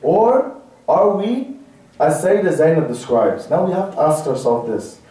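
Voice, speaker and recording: High-voiced man preaching in an echoey hall. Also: very animated, measured pace, dark tone, distant mic. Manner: rhetorical questions, exhorting the listeners. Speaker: speaker at a religious gathering. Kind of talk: Muharram majlis sermon. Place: large mosque hall.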